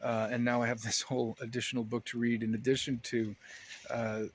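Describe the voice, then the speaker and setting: A man's voice: medium pitch, level tone, brisk, a little hiss or hum. A man talking casually to his camera at home, rambling and wry, often breaking off mid-sentence. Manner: rambling, self-interrupting, wry. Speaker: vlogger. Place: indoors, at home.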